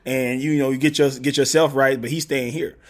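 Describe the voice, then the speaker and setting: A man, a podcast guest telling a long story. His voice sits at an ordinary mid pitch, and he jumps into other people's voices as he goes. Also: brisk. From US South, Gulf Coast. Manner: animated storyteller, acts out quotes. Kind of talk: casual storytelling interview.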